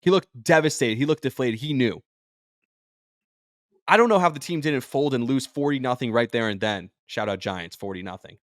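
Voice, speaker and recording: A man hosting a sports podcast in an emotional, rambling way, jumping from thought to thought. He sounds drained. His voice sits at a middling pitch and is recorded dry and close, with no room sound. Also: lively intonation, normal speed, pauses often, no room sound. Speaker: podcast host and sports radio personality.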